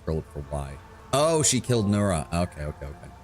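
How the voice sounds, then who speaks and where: A male game streamer with a very low, deep voice. He reads role-playing game text aloud and breaks off for joking asides to his chat. His talk is loose and conversational. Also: big pitch swings, a little fast, faint music behind. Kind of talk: live game stream with casual commentary.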